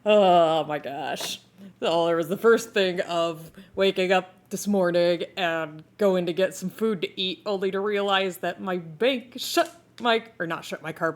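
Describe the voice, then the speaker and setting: A woman chatting casually with her live-stream viewers while she draws, laughing often. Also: fairly low pitch. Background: video game music playing.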